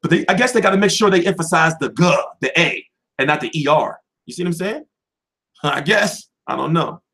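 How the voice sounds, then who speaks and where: A man's voice: a little high, animated, brisk, vocal fry, pushed and bright. A young man hosting a boxing channel, answering viewers in a heated, profane livestream chat.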